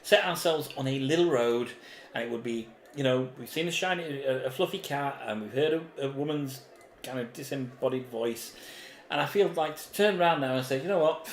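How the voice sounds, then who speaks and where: A man's voice: mid-range voice, brisk. A man co-hosting a board game playthrough, chatty, reading rules and story text aloud. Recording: echoey room with faint background noise.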